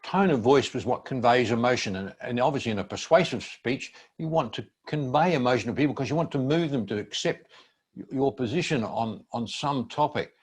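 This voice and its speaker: Measured older male teacher. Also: mid-range voice, husky. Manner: measured, instructive. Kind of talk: seminar presentation.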